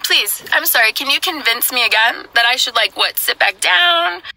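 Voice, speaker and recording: In a played clip, a woman lectures the viewer directly in an earnest direct-to-camera address. Her voice is high, animated and sharp with vocal fry, at a moderate pace, and the recording is rough.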